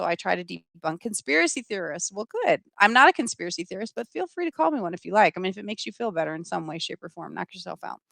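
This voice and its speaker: Woman host of a live stream, sarcastic and scolding, with a gravelly edge and a voice that leaps up and down. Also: fairly high pitch, a bit bright, no echo. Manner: sarcastic, scolding toward trolls. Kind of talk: live political commentary, reading chat.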